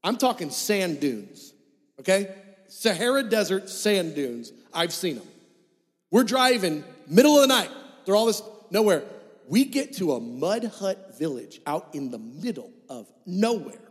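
Male pastor, storytelling sermon, high voice, lively and animated, heard in a big reverberant hall. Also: unhurried. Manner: animated, acts out dialogue in his story. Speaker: preacher.

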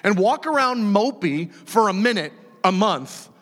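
Animated high-voiced male pastor preaching. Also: a little slow, in a large hall. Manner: animated, conversational, acts out quoted voices. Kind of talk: sermon.

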